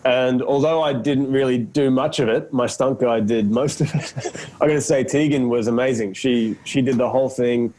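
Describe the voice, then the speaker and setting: A man's voice: medium pitch, moderate pace, darkish tone, poor audio. An Australian man in his thirties, a guest in a casual interview on a video call, laid-back and self-deprecating, laughing often. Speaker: actor guest.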